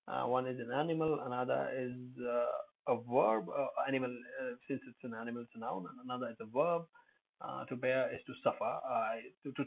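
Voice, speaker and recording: A man teaching English pronunciation in a relaxed lesson, calling out single words loudly and explaining them with hesitant pauses. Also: mid-range voice, gravelly. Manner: hesitant, many uh fillers, thinks aloud. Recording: tinny phone-quality recording.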